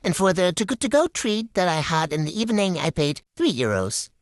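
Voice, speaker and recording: A woman's voice: lowish voice, very animated, fairly quick, no room sound, studio quality. A young woman vlogger giving a wry, self-mocking recap to camera.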